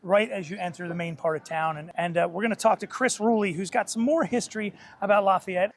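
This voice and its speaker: High-voiced male interview host. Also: brisk. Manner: friendly prompting, recaps and chimes in. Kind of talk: conversational interview.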